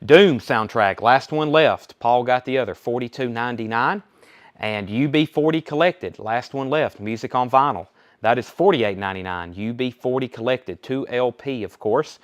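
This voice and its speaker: A young man hosting a live record sale, chatty and quick to rattle off titles and prices. His voice is smooth and clear, pitched in an ordinary middle range for a man. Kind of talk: casual live sales stream.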